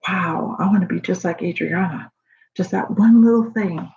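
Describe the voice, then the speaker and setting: A mother in casual home video talk, rambling warmly with many fillers and restarts, proud of her daughter. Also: fairly low pitch, normal speed, vocal fry. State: emotional, near tears at times. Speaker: proud mother sharing a story. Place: home at night. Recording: dull lo-fi home recording.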